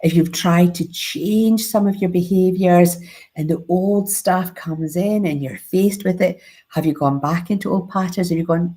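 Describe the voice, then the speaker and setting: Scottish lady, low voice, mindfulness teacher chatting earnestly, lots of restarts. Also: measured pace, warm tone. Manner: earnest, musing, with frequent restarts. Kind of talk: reflective spiritual talk.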